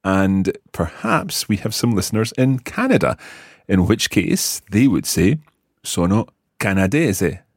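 Scottish male teacher, deep and husky, dry close sound, patient lesson delivery. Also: sing-song, measured pace, no echo. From Scotland. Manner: patient, clear, modelling words for learners. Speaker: language teacher. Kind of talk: podcast language lesson.

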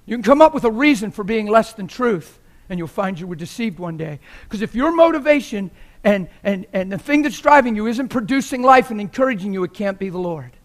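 A man preaching a sermon in an impassioned, exhorting manner that climbs into shouting. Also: high-pitched, animated, a little fast.

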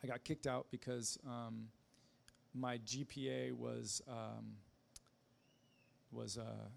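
Gravelly man telling his story haltingly. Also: medium pitch, level tone. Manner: halting, with many fillers and restarts, self-deprecating laughs. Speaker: speaker giving a personal testimony. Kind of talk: casual spoken testimony.

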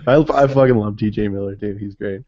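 Casual podcast co-host, man, low voice, relaxed and profane, dry muffled recording. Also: fast, no echo. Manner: easygoing, swears freely, laughs often. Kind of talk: casual chat about comedy films. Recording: dry, dull lo-fi audio.

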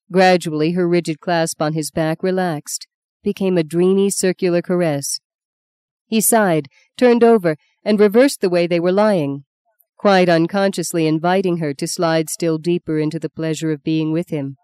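A woman narrates an audiobook in a measured, intimate manner. Her voice sits low and mellow, and the recording is dry and close. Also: smooth, no echo.

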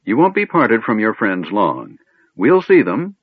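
Tinny, phone-like audio carries a man putting on a raised, fussy voice for a muddled old wizard who rambles and mutters to himself. The voice is husky and bounces around a lot in pitch. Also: huge pitch swings, unhurried, dry recording, heavily acted. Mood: fussy, rambling. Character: doddering absent-minded old male wizard.

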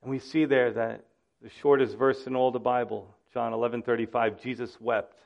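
A man's voice: medium pitch, level tone, moderate pace, vocal fry, dull audio. A man preaching a sermon, acting out the voices in the stories he tells. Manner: dramatic, acts out quoted voices. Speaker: pastor.

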